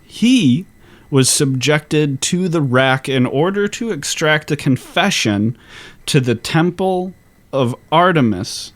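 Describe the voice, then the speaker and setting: A man's voice: a little high, lively intonation, slow pace. Wry, profane male podcast host. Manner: laid-back, profane, wry explainer. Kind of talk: casual history podcast chat.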